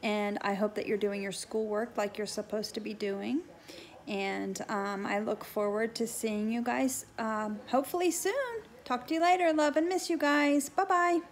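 A woman's voice: on the high side, fairly even intonation, normal speed. Woman school staffer greeting pupils. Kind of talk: video message to children.

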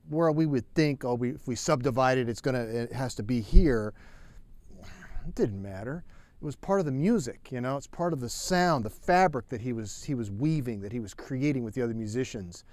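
A man giving a relaxed, chatty drum lesson, counting beats aloud as he plays. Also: mid-range voice, moderate pace, no echo. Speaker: drum teacher. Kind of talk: casual spoken drum lesson.

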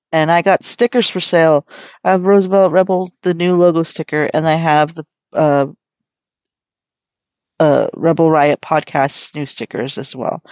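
Her voice is deep with a darkish tone, recorded without echo. She's a young woman from the US hosting a solo podcast, rambling and swearing freely in a frank, casual way.

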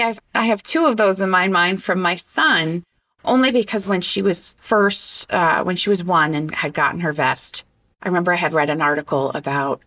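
A woman guest in a casual interview conversation who talks with animated expression and often stops on an um. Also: lowish voice. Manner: animated and expressive, breaks into laughter; hesitant with frequent ums.

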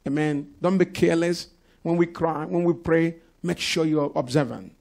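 A man's voice: a little high, fairly even intonation, moderate pace, gravelly, darkish tone. A man preaching a sermon to his church, calling out to the congregation again and again. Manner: preaching with call-outs to the congregation. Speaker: pastor. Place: church service.

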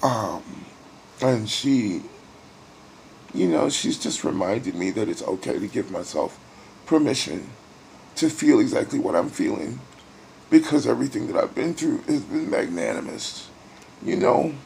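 A middle-aged man in a hospital room, weary and near tears, talking in a personal video diary with sighs and halting pauses. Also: medium pitch, sing-song, vocal fry, a little mellow, a little hiss or hum. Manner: emotional, sighing, halting. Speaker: vlogger.

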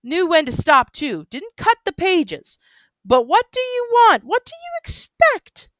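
A woman reading a novel aloud, voicing an excitable, drunk, stout middle-aged man in big spectacles who talks insistently and rambles. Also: very high voice, measured pace, no echo, pitched above the performer's own voice, heavily acted. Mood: excited.

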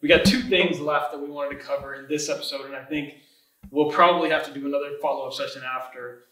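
A male podcast host asks his guest polite, structured questions. His voice sits a bit higher than most men's. He sounds distant from the mic in a roomy, echoing space. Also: steady tone, fast, fairly bright tone. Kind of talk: interview questions.

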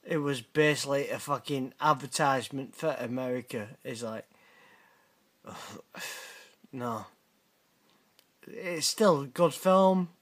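A man's voice: medium pitch, slow pace, long pauses, fairly bright tone. A middle-aged British man hosting a casual reaction video, blunt and sweary with teasing banter. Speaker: channel host reacting to viewer messages.

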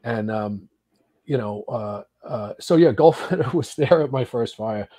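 Guest, man, 60s, husky voice; casual, animated storytelling with restarts. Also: mid-range voice, unhurried. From United States. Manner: animated, swearing, trails off and restarts. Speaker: podcast guest, actor and volunteer firefighter.

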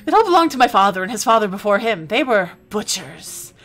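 A woman's voice: medium pitch, sing-song, brisk, fairly bright tone, faint music behind. A woman voicing a creepy, grinning male innkeeper and butcher in a comic game, who claims a lisp and stresses words oddly. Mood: sly. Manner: oddly stressed, falsely innocent talk.

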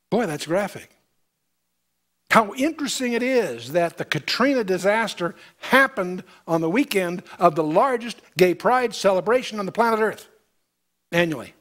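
High-voiced man teaching the Bible. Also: expressive, normal speed, fairly bright tone. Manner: reads scripture aloud, then adds pointed commentary. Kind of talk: verse-by-verse Bible lecture.

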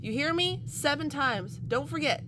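A woman voicing a girl who urgently warns a stranger and guides them out, in a lower, hushed voice, reading video game dialogue aloud. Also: animated, normal speed, background noise.

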